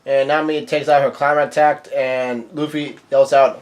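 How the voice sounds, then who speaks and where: A man's voice: medium pitch, fairly even intonation, normal speed. A young man casually recapping a manga chapter page by page, rambling with lots of fillers and restarts. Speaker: manga reviewer.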